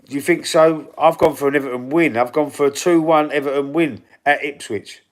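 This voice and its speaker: A man's voice: fairly high pitch, fairly even intonation, brisk. A middle-aged man with a London Cockney accent, casually chatting through football predictions on a livestream and reading viewer comments aloud. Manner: chatty, reads out viewer comments and predictions, stumbles and repeats words. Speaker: football channel host reading live chat.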